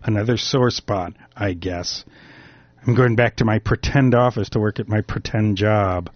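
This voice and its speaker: A man voicing a laid-off husband who speaks gently and earnestly. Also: on the low side, moderate pace, no room sound, muffled recording, close to an everyday voice. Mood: bleak.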